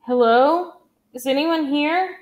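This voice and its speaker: A woman reads as a frightened, timid young boy from a storybook, his voice lifting higher and pleading when he is afraid. He sounds small and unsure of himself. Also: expressive, a little slow, lo-fi sound. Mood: calling out.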